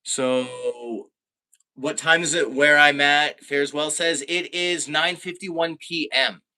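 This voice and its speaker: A man from Canada chatting casually on a live stream, reading out viewer comments, laid-back and quick to laugh. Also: a little high, fairly even intonation, sharp tone.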